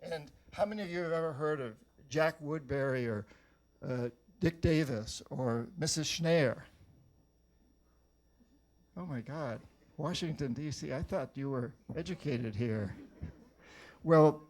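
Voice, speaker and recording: A man's voice: a little high, measured pace, darkish tone. An older man from New Hampshire giving a rousing speech, telling stories and firing questions at the audience. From New Hampshire, USA. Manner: storytelling, rousing, addresses the crowd with questions. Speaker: author giving a talk. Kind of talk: motivational speech to a live audience.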